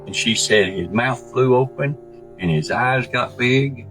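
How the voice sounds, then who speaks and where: A man telling a true story in a folksy, animated way, acting out the voices he quotes. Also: medium pitch, unhurried, soft background music. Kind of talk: casual spoken storytelling.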